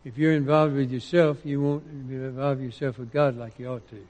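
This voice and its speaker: A man preaching a sermon, quoting scripture with rising emphasis and dropping into quiet asides. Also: medium pitch, flat delivery, moderate pace, long reverb tail.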